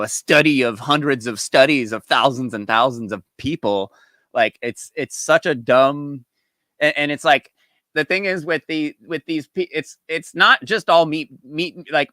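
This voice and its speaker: A man's voice: mid-range voice, bright, forceful tone, dry recording. Exasperated man ranting on a dry mic. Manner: exasperated, dismissive ranting with mocking quotes. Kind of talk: casual livestream rant.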